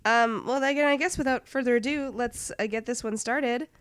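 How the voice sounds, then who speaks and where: A woman co-hosts a casual podcast with a husky voice from a cold, joking and circling back with fillers and repeats. She sits a little high in pitch, and the sound is dry and close. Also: moderate pace, no echo. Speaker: podcast co-host.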